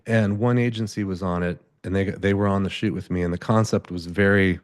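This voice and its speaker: A man's voice: sits low, steady tone, fairly quick. A man, a photographer, talking as an interview guest, telling stories in a loose, rambling way and acting out quoted dialogue. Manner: rambling, many restarts, acts out quoted dialogue. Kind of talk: conversational storytelling. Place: event space stage.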